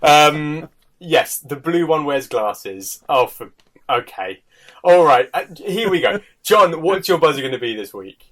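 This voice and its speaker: A man's voice: on the high side, lively intonation, unhurried, fairly bright tone. A man hosting a podcast over a video call and running a quiz, joking at his own expense and laughing often. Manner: jokey, self-deprecating, laughs often. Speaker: podcast host and quizmaster. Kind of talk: casual podcast chat.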